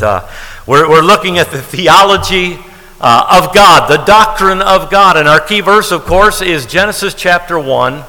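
A man's voice: mid-range voice, sharp tone, long reverb tail, poor audio. A man preaching a sermon as pastor, talking in a conversational way and repeating key phrases for emphasis.

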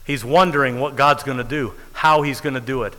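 A man preaching a sermon with dramatic pacing, stretching out key words and dropping to a hush. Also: medium pitch, fairly quick, in a large hall, low-quality recording.

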